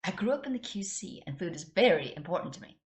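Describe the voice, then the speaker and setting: A woman's voice: fairly low pitch, very animated, fast. A woman reading the lines of an intense, proud young woman in an earnest, clipped voice.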